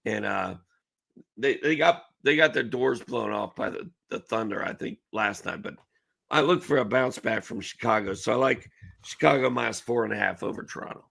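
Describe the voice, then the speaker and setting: A man's voice: medium pitch, normal speed, gravelly, fairly bright tone. A man co-hosting a fantasy basketball betting show, laid-back and confident in casual chat. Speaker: co-host.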